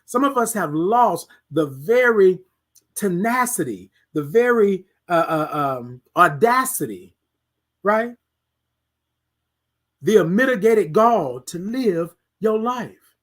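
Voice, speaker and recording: A podcast host giving a motivational monologue, full of emphatic, repeated rhetorical questions, talking straight to the listeners and at times gently coaxing themself by name. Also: mid-range voice, expressive, takes it slowly. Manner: speaks to self by name, soft and coaxing in places.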